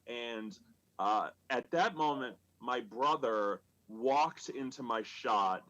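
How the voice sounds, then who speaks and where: Halting man telling a comic story. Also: mid-range voice, lively intonation, fairly bright tone, dull audio. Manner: rambling and halting, full of "like" and restarts. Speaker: stand-up comic telling stories. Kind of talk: live comedic storytelling.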